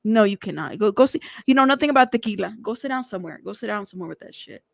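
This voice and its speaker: A woman's voice: mid-range voice, expressive, very fast, vocal fry, no room sound, clean studio sound. A woman hosting a casual live stream, talking in a sassy, teasing way and laughing often. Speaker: live-stream news host.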